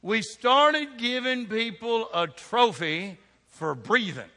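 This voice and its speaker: A middle-aged male pastor, preaching a sermon to a congregation with humorous stories and quick restarts. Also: very high voice. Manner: animated storytelling with humor and rapid restarts. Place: church sanctuary before a congregation. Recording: long reverb of a large hall.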